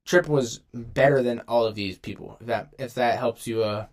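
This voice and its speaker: This young gaming creator talks at a moderate pace with a medium-pitched voice. He loosely ranks game characters for a tier list, wandering off-topic, dropping slang, and stopping himself mid-thought.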